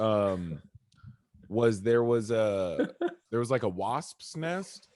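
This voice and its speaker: Lively young man telling stories. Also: fairly low pitch, slow pace, very noisy. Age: young adult. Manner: animated storytelling, jokey. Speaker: podcast co-host. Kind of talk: casual chat.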